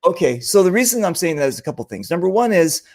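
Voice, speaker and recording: A male host leads a relaxed interview chat, drifting through fillers and side remarks. His voice sits somewhat higher than most men's. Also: fast. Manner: loose, lots of fillers.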